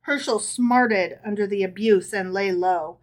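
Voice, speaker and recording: A woman's voice: medium pitch, unhurried. A woman co-hosting a podcast, reading stories aloud and chatting, checking in often. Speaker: podcast co-host. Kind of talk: reading aloud and casual chat.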